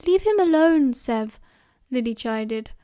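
A woman's voice: a little high, fairly even intonation, takes it slowly. A woman with a British accent voicing an eager, bossy schoolgirl witch who chides the others. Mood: chiding. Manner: bright, chiding.

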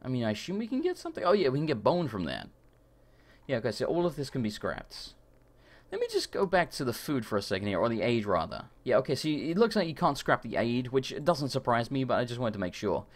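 Male streamer, animated pitch, casual gameplay chatter with frustrated outbursts. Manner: chatty, quick to rant and swear in frustration. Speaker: gaming streamer. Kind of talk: live let's-play commentary.

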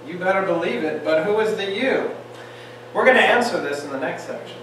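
A man teaching a Bible class, lively and joking, firing off questions at his students. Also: high voice, fairly quick. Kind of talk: classroom lecture. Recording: echoey room, distant mic, faint hiss.

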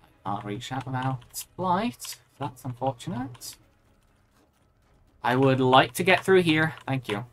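A woman's voice: a bass voice, expressive, slow. A woman streaming a video game, reacting aloud and chatting with her viewers as she plays. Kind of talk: live gameplay commentary.

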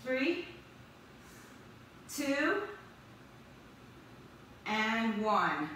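Leading a live workout class, this woman speaks on the high side, very animated, bright, and forceful. She snaps out counts and keeps the group going with upbeat encouragement; the sound is distant and echoes heavily, with a little noise underneath.

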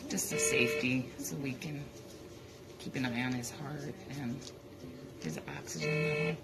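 A woman's voice: very deep voice, moderate pace, loud music behind the voice, rough recording. A woman working as a nurse in a hospital nursery, chatting and playfully voicing the baby's thoughts. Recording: loud hospital room noise.

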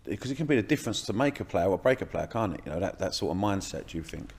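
A man's voice: sits low, expressive, fast talker. A man hosting a podcast, telling stories in a blunt, rambling way and swearing freely. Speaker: podcast host. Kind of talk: casual storytelling monologue.

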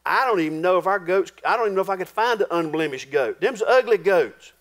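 Speaking quickly and with lively intonation, a fairly high-voiced pastor preaches to his flock using homespun, countrified phrasing. He lowers his voice to a hush whenever a point carries real weight.

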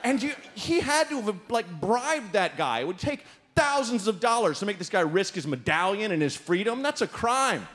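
He speaks high-pitched at normal speed, with few pauses. In a live stand-up set, the man spins an animated story and plays its characters through big swings in his voice.

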